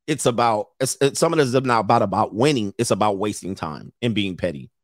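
Animated profane man giving blunt advice. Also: on the low side, a little fast, no room sound, clean studio sound. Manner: animated, profane, mimics others in raised voices. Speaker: podcast host giving advice. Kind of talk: casual advice talk.

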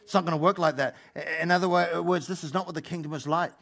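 A man preaches in a high, gravelly voice. He is playful and teasing, tossing jokes at his congregation as he goes. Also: fairly even intonation, fast, a bit bright. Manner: playful, joking asides to the congregation. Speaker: pastor. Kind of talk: lively sermon.

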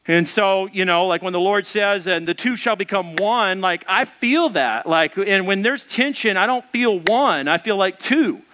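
A pastor preaching with a high, bright, ringing voice. He tells a comic story with lively energy and acts out every quote as he goes. He is a man in his thirties or forties, speaking as a storytelling preacher before his congregation. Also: unhurried, few pauses. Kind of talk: storytelling sermon.

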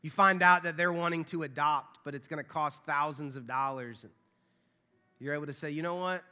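A man's voice: on the high side, fairly quick, sharp tone, clean tone. A man in his thirties preaching a sermon as pastor, earnest, often dropping to a near whisper for emphasis. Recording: long church hall reverb.

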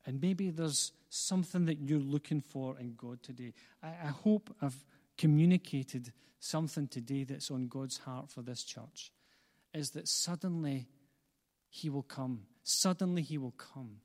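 A man's voice: medium pitch, a little slow. A man preaching a sermon as pastor, earnest and building through repeated phrases, then leading a closing prayer. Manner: earnest, building repetition, gentle asides to congregation. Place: church hall. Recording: long reverb of a church hall.

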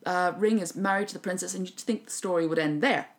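A woman's voice: on the low side, fast talker. Joking Irish woman telling a folk tale. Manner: animated, joking narration. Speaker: podcast co-host. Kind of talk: casual storytelling chat.

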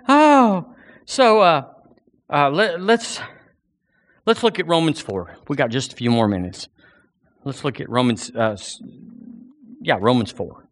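A man's voice: a little high, lively intonation, a little slow, long pauses. A man preaching a sermon with passion, rising into fervent outbursts.

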